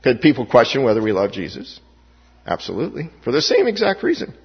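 A man's voice: mid-range voice, wildly swooping pitch, fast talker, slightly rough. A man preaching a sermon as pastor, with emphatic rising stresses and frequent restarts. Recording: dull, echoey hall recording.

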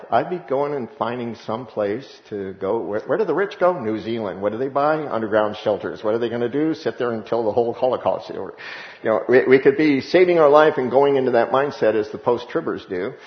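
A man preaching a sermon as pastor, animated and conversational, with laughs and asides. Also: mid-range voice. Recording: echoey room, dull lo-fi sound.

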